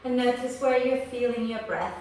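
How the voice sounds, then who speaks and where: A woman guides a prenatal yoga class in a gentle, patient manner, checking in with "okay?" after nearly every cue. Her voice sits a little high. She is heard a bit away from the microphone in a strongly echoing room, with faint ambient noise behind her. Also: normal speed, far from the mic. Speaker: yoga teacher. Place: room recorded for an online class.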